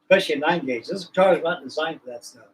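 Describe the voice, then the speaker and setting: A man running a livestream talks very fast in a slightly raised, a little high voice, chatting casually in a folksy, colloquial style. He wanders from one point to the next. Faint ambient noise runs under the low-quality audio.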